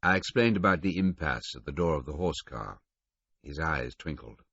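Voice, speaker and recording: A man reading a novel aloud in the first person, telling the story in a lively, varied way. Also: a bass voice, moderate pace, creaky, slightly rough, no room sound, dull audio. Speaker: audiobook reader.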